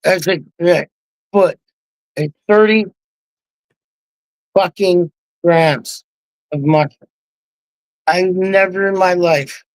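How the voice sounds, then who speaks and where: A man on a live online panel, telling a wild story in an excited, heavily profane way and acting out the quotes. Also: high voice, no echo, rough recording. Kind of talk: casual storytelling.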